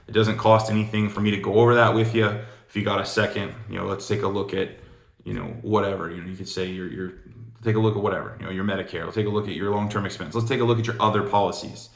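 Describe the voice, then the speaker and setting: A man's voice: on the low side, fairly bright tone. A man giving casual sales coaching, rambling and full of "you know" asides. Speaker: sales trainer. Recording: echoey room.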